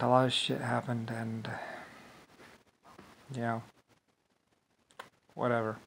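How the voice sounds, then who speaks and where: A man's voice: mid-range voice, level tone, slow, creaky, long pauses, slightly rough. A man delivering a rambling solo monologue, dismissive and profane, with lots of filler words. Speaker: channel host.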